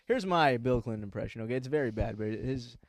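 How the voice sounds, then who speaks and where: A man's voice: mid-range voice, lively intonation, fast talker, dry recording. A man hosting a podcast, asking questions in easygoing casual talk. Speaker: podcast host.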